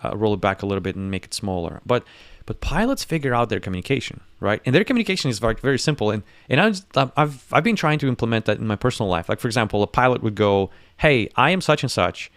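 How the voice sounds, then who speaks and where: A man's voice: fairly low pitch, animated, fast, dry recording, studio quality. Rambling man on a live talk show. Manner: rambling, many restarts and acted-out quotes. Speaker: podcast co-host. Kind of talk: casual live discussion.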